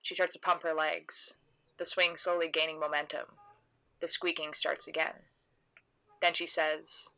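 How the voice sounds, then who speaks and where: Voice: medium pitch, little pitch movement, a little slow, gravelly, pauses often, sharp tone, dull audio. A narrator telling a horror mystery podcast story in the first person, in a sardonic, sarcastic manner.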